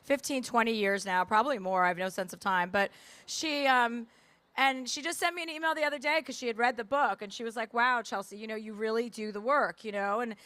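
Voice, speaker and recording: High-voiced woman, candid and rambling. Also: bright, forceful tone, no room sound. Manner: fast, candid, many fillers and restarts. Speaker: author and guest. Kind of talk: onstage conversation. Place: festival stage.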